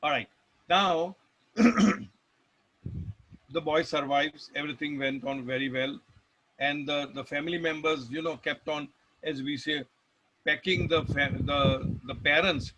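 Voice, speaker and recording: A man's voice: on the high side, unhurried, long pauses, bright, forceful tone, poor audio. A man with an Indian English accent giving a rambling spiritual talk, telling stories with restarts and emphatic lists. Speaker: devotional speaker.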